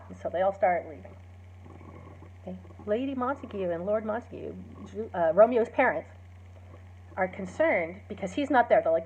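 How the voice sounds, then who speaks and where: A woman's voice: medium pitch, expressive, normal speed, pauses often, breathy edge. A woman, a teacher, casually retelling a play's story, chatty with many fillers and acting out the quoted lines. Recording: dull lo-fi recording.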